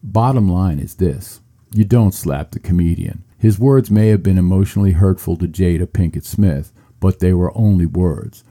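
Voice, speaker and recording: A man's voice: deep voice, normal speed, warm tone. A man delivering a scripted opinion commentary in a sarcastic, mocking way.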